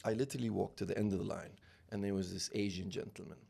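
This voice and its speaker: Gravelly low-voiced man telling a lively story. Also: fast. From UAE. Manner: animated anecdotes, acting out dialogue, many restarts. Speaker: real estate founder, guest. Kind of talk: storytelling interview.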